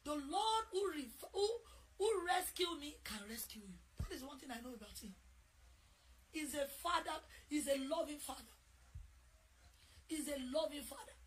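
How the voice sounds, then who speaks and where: A woman preaching and praying fervently, swinging between loud chanted prayer and quick, conversational exhortation to her congregation. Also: sits high, expressive, slight background noise. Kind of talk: sermon with prayer.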